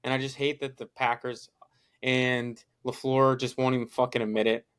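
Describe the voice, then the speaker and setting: A man's voice: mid-range voice, little pitch movement, moderate pace, a bit bright, clean tone. A young man co-hosting a casual sports podcast, heated and swearing as he retells conversations with friends. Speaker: podcast co-host.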